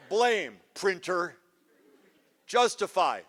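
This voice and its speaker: A middle-aged man giving a live parenting talk to an audience, joking, goofy and energetic, teasing the crowd. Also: sits high, slow. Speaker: parenting seminar speaker. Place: school event before a live audience.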